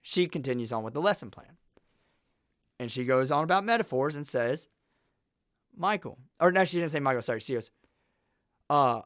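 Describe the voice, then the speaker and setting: Young man telling blunt, animated stories. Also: a little high, brisk, long pauses, no echo, clean studio sound. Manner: animated, blunt, laughs through his stories. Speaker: vlogger. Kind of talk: casual personal storytelling.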